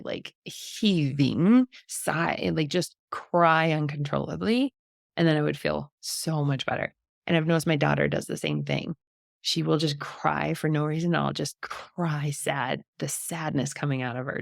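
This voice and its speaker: A middle-aged woman hosting a relaxed podcast chat. Her voice sits low with a gravelly edge, and she talks softly and reflectively, trailing off in short phrases. The sound is dry and close, with no room around it. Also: dry recording. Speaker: podcast host. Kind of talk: reflective casual conversation.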